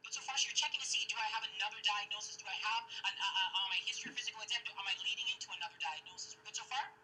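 A woman teaching medical exam prep, talking fast and constantly checking in with her students through quick rhetorical questions. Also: mid-range voice, sharp tone, a little hiss or hum, rough recording. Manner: acts out patient voices in passing. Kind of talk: lecture to students.

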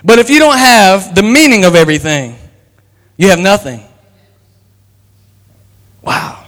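A man's voice: high-pitched, very animated, a little slow, long pauses, a bit bright, in a large hall. A man preaching a sermon as pastor, acting out quotes and calling on the crowd to respond.

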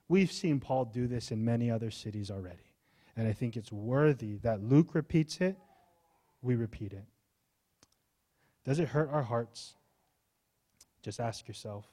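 A male pastor preaching a sermon in a church, impassioned, moving from hushed to high pleading.

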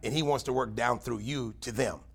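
A middle-aged man, a longtime pastor, preaching a Bible study sermon in a folksy, conversational way, with sudden high, loud bursts for emphasis. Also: a little fast, slightly rough.

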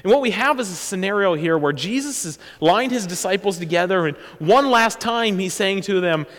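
A pastor preaching a sermon in a lively, conversational way, with casual asides and quick self-corrections. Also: male voice, sits high, long reverb tail. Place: church sanctuary.

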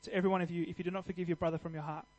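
Earnest high-voiced male preacher. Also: flat delivery, very fast, muffled recording. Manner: earnest, conversational, with restarts and fillers; builds to louder emphatic passages. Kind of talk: sermon.

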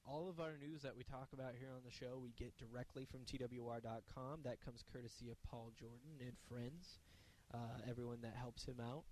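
A man talks through his podcast's weekly plugs in a loose, rambling way, peppered with uhs and ums. His voice sits at an ordinary middle pitch. A faint hiss runs under the recording. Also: steady tone, fairly quick, darkish tone. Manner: rambling, filler-heavy delivery. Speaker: podcast co-host. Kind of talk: casual podcast chat.

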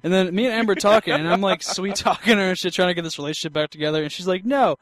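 A young male podcast host with a high voice tells a long, crude story in loose casual chat. He rambles, restarts, and laughs at his own tale. The sound is close and dry. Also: fairly even intonation, rapid-fire, fairly bright tone, dry recording.

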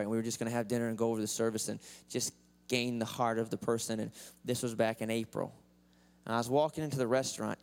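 A man preaching a sermon in a church, telling a personal story and rising to loud, sing-song preaching at the high points.

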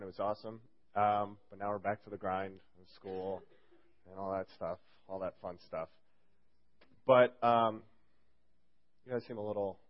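Rambling young man giving a youth talk. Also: on the low side. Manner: rambling and jokey, heavy on fillers. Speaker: youth group speaker filling in. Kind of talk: casual youth sermon. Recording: dull lo-fi recording.

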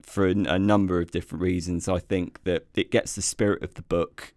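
A man's voice: low-pitched, flat delivery, a little fast, a little mellow, no echo, clean studio sound. A British man co-hosting a casual film podcast, talking in a hesitant way with many fillers and restarts, livelier when enthused. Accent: British English. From Britain. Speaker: podcast co-host, film reviewer.

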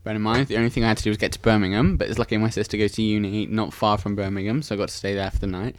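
A man's voice: fairly low pitch, fairly even intonation, racing, no room sound. A young man hosting a casual podcast, rambling enthusiastically about films and often correcting himself. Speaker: podcast host. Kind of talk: casual film chat.

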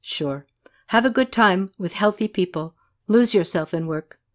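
A woman reading a novel aloud, voicing a seasoned male field doctor who gives calm, blunt advice. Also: mid-range voice, measured pace, close to an everyday voice. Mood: steady.

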